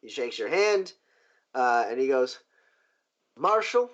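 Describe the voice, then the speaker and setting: A man narrating a tabletop game as game master in a relaxed way, full of fillers and little sound effects. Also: mid-range voice, measured pace. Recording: muffled lo-fi recording.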